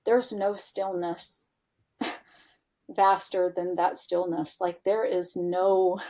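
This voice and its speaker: A woman guest on an interview show, telling a personal story in a casual, animated way, full of "you know" and "like", candid and now and then swearing. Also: fairly low pitch, extremely slow. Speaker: interview guest, integrative health practitioner.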